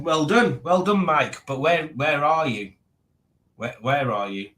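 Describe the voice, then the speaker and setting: A man's voice: on the high side, slow pace, a bit bright. A man hosting a casual livestream, rambling and reading out viewer comments. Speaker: livestream host.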